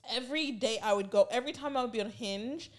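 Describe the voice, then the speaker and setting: A woman's voice: a little high, quick pace. A woman from England with a London accent, a podcast co-host talking in a blunt, chatty way. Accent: London English. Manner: blunt, chatty, swears casually. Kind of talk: casual chat.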